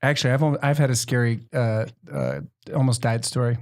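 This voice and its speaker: A man hosting a podcast, telling stories in an animated, profane way. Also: mid-range voice, brisk, creaky. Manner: animated storytelling with swearing. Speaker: podcast host. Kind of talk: casual chat.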